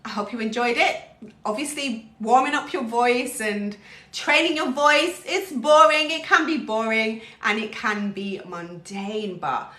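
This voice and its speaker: A woman vocal coach talking casually through her warm-up routine, relaxed and chatty, breaking into sung practice sounds. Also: on the high side, measured pace. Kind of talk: casual vocal warm-up lesson on a live stream. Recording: echoey room, voice a little off-mic.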